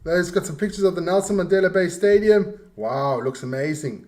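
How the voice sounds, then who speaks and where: A man's voice: sits high, brisk, darkish tone. A man co-hosting a rugby watchalong, bantering in an easygoing way. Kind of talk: casual sports chat.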